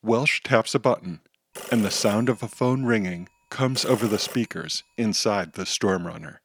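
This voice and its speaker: A man giving scripted audio drama narration in a brisk, plain manner. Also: fairly low pitch, a bit bright, a little hiss or hum.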